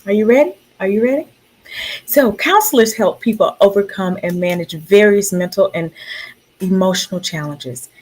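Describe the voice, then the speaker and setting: A woman hosting an online talk show, lively and emphatic, often repeating her phrases. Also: medium pitch, moderate pace, low-quality recording.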